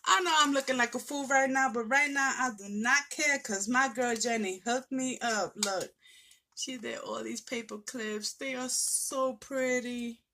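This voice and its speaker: A woman's voice: on the high side, fairly even intonation, measured pace, pushed and bright, a little hiss or hum. A woman vlogger, teary and emotional, gushing with thanks as she opens mail from a friend. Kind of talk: casual vlog, opening mail on camera.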